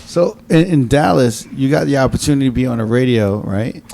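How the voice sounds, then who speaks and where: Mellow-voiced man asking short questions. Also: medium pitch, lively intonation, a little fast, gravelly. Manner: asks short prompting questions. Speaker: podcast co-host. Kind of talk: casual podcast chat.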